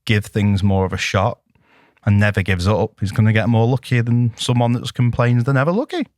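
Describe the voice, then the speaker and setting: A man's voice: fairly low pitch, fairly quick, a little mellow, no room sound. A man co-hosting a podcast, talking in a dry, teasing and sarcastic way. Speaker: podcast co-host. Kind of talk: casual chat.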